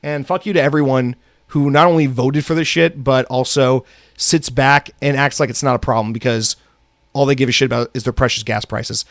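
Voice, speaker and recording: A man's voice: mid-range voice, steady tone, brisk, no room sound, clean studio sound. A man hosting a solo podcast, ranting angrily with lots of swearing and then reading news. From United States. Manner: angry, profane ranting with swearing. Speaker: podcast host.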